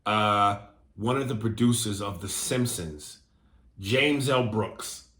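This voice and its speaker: A man co-hosting a podcast in casual chat, a few drinks in, animated and swinging between low mumbles and excited outbursts. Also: takes it slowly. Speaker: podcast co-host. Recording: roomy echo.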